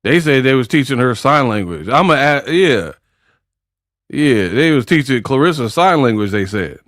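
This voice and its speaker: A man's voice: mid-range voice, big pitch swings, moderate pace, fairly bright tone, no echo, studio quality. A man doing casual live-stream commentary, joking and laughing in slangy banter with his chat.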